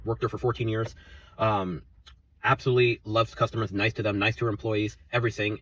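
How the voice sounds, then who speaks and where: A man's voice: fairly low pitch, fairly bright tone, slightly rough, distant mic, poor audio. A young man venting in a profane, rambling, heated rant about quitting his job, out of breath from talking. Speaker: former coffee shop worker venting. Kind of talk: angry rant to camera.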